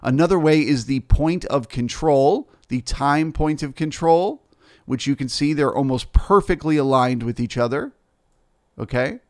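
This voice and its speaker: A man's voice: on the high side, unhurried, a little mellow. A man teaching as a futures trader, explaining the market through rhetorical questions and frequent "right?" and "okay?" check-ins. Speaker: futures trader and trading educator.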